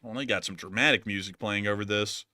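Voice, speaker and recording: A man's voice: fairly low pitch, fast, music in the background. A man hosting a casual war news show, rambling and joking with many fillers. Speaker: host.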